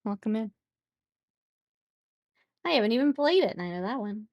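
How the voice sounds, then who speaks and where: A woman's voice: fairly high pitch, sing-song, moderate pace, darkish tone, no room sound, lo-fi sound. A woman streaming while she paints miniatures, chatting playfully with viewers and laughing often. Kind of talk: casual chat with live chat while painting.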